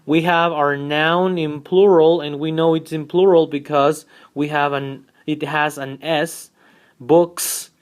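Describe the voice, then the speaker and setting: A man teaching an English grammar lesson, speaking slowly and repeating each example sentence twice. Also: on the high side, fairly even intonation, smooth.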